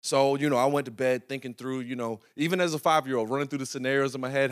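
A young North Carolina pastor preaches fast in a steady, mid-range voice. He tells stories in a conversational way and frequently turns to the congregation to check in.

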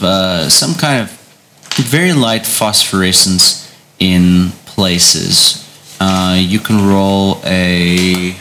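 A man running a tabletop horror game as game master, describing scenes in a halting way and often repeating words as he goes. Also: sits low, sharp tone, slight background noise.

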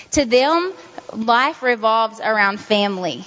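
A woman's voice: a little high, lively intonation, a little slow, a bit bright. A woman giving informal devotional teaching as a Christian speaker, talking in an earnest, repetitive, conversational way. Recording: dull sound in a reverberant hall.

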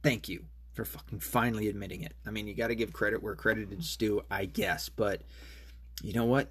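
A man's voice: lowish voice, moderate pace, husky. A man hosting his own show, ranting alone, profane and rambling, angry and full of fillers and restarts. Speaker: podcast host. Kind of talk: solo political rant.

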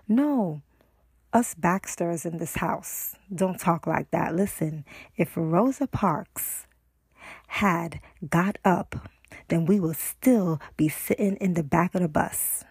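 A woman's voice: on the low side, slow pace, vocal fry, breathy edge, dry recording, exaggerated voice. A woman voicing a father who firmly encourages his daughter, in a retold scene.

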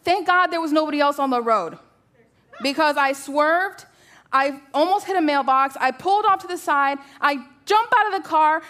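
Animated woman preaching a sermon. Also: high-pitched, moderate pace. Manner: conversational, animated storytelling with rhetorical questions. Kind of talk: sermon with personal stories.

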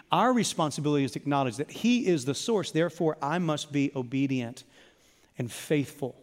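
A male pastor preaches in an animated, storytelling way and keeps calling on the congregation to repeat words back. His voice sits high for a man. A long reverb trails his voice through a large hall. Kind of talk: sermon.

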